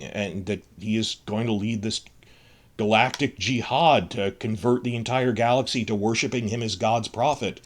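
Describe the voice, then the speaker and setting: A man hosting a solo podcast, rambling emotionally through a film review, restarting his sentences. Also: on the low side.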